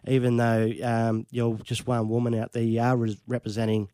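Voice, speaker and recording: An Australian man hosting a radio interview, speaking in a measured, supportive way with frequent ums. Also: medium pitch, monotone, dark tone, clear, resonant tone, no echo. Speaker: radio host. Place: radio studio.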